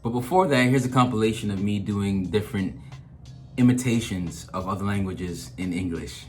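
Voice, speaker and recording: A man's voice: fairly low pitch, normal speed, darkish tone, faint music behind. A man hosting a reaction video, chatting in a casual, opinionated way. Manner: chatty, opinionated, laughs at own jokes. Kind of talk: casual commentary.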